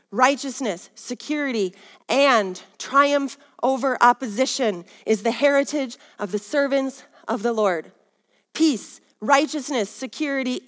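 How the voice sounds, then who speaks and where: A woman with a high voice teaching a Bible lesson in sermon style. She rouses her listeners and calls for their response. Her voice rings with long reverb, as in a large hall. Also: a bit bright. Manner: rousing, calls for audience response. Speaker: women's Bible study teacher. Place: Minnesota.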